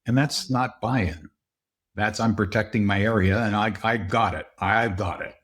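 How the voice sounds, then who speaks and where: A middle-aged man who is a guest on a podcast interview, explaining his ideas and often acting out quoted dialogue in a higher voice. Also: fairly even intonation, normal speed, fairly bright tone. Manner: explanatory, acts out quoted dialogue with raised pitch. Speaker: podcast guest, leadership consultant. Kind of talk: conversational interview.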